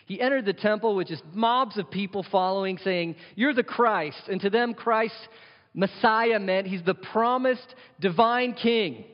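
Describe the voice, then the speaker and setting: Male pastor, earnest conversational sermon, somewhat high voice, muffled recording with long reverb. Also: unhurried. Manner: earnest, conversational preaching with rising emphasis. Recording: dull sound with long hall reverb.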